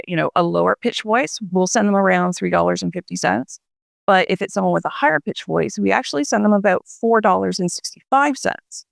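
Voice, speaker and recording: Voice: medium pitch, creaky, dry recording, clean studio sound. A guest explaining voice research in a radio interview, talking it through with fillers and restarts.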